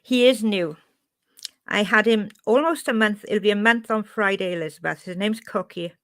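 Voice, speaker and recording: A woman's voice: medium pitch, moderate pace, a bit bright. A woman with a Welsh accent chats casually on her live stream. She talks straight to her viewers, reading out their comments and answering them as they come in. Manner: chatty, reads and answers chat.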